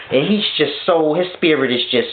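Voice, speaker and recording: A man ranting in a casual spiritual vlog monologue, profane and animated, often laughing. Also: on the high side, heavy background noise. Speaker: spiritual vlogger. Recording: tinny phone-like echoey sound.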